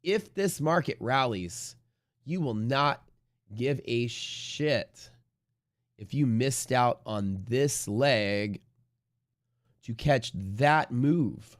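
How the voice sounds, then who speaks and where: A man hosting a live day-trading stream, rambling casually with lots of swearing and sudden loud bursts of mock trader shouting. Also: medium pitch, lively intonation, drawn-out words, long pauses, dry recording, studio quality.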